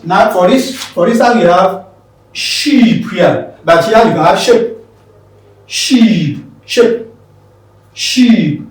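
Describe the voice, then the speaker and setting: A man teaching pronunciation in a slow, drilling manner, repeating words for learners. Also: high-pitched, darkish tone. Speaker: English teacher. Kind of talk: classroom pronunciation lesson. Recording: very echoey room, mic far off.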